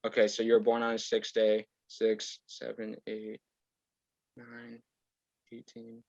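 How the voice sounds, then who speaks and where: A young man in his twenties talks as a podcast guest, easygoing and meandering. His voice sits at a middle pitch. The sound is dry and a little dull. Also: monotone, takes it slowly, creaky, darkish tone, no echo. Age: 20s. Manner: laid-back, rambling, laughs often. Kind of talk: casual chat.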